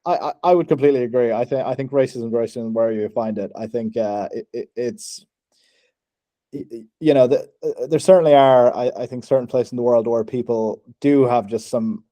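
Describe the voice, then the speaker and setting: A young man co-hosting a podcast, talking in a halting, giggly way with many restarts in a casual comedy chat. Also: mid-range voice, dark tone, no room sound. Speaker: podcast co-host.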